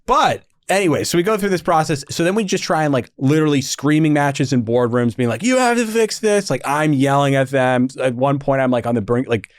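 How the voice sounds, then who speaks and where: A young man, a podcast guest, telling stories in a casual, animated way with lots of fillers and laughter. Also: medium pitch, fairly quick, hardly any pauses, no room sound, clean studio sound. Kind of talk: casual storytelling interview.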